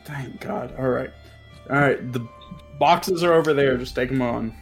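A man's voice: mid-range voice, unhurried, gravelly, soft background music, pitched below the performer's own voice. A man voicing an exasperated male club owner who scolds and sighs at a worker. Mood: relieved.

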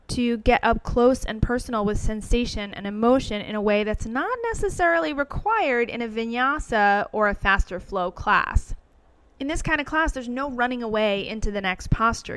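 A woman hosting a podcast, talking in an animated, opinionated way with wry asides. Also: fairly high pitch, smooth, no echo. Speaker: podcast host. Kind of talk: casual monologue.

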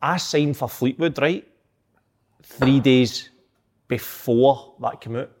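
A man's voice: medium pitch, slow, noisy background. Laughing man telling stories. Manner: laughs often, animated storytelling. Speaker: footballer guest. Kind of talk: casual storytelling chat.

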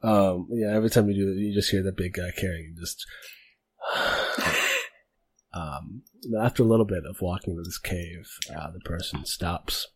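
A man's voice: low-pitched, moderate pace, husky. A man narrating a tabletop game as game master, rambling with many fillers.

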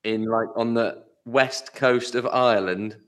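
A man's voice: mid-range voice, steady tone, a little slow. A man co-hosting a podcast, chatting casually and with amusement, trailing off with fillers. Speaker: podcast co-host. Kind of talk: casual chat.

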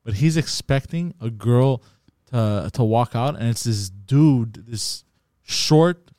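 A man's voice: medium pitch, animated, takes it slowly, mellow, no room sound, studio quality. A man co-hosting a casual podcast, laid-back and reacting briefly.

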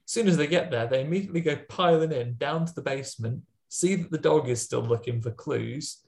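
Gravelly man recapping a film. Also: fairly high pitch, brisk, darkish tone. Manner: rambling, chatty retelling of a film plot. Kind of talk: casual chat.

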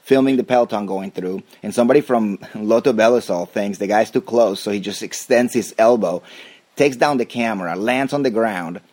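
A man's voice: lowish voice, normal speed, darkish tone. A man hosting a casual podcast chat, telling stories with many fillers. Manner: rambling, with fillers. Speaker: podcast host.

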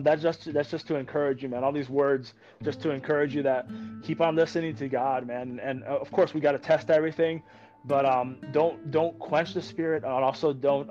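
Veteran man guest, earnest and excited storyteller, muffled lo-fi sound under faint music. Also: a little high. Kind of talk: conversational podcast interview.

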